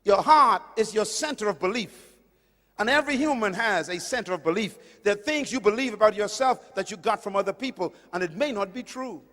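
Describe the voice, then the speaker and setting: A man preaching a sermon, emphatic and swinging between loud declarations and hushed storytelling. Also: high voice, a little fast, big-room sound. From Caribbean.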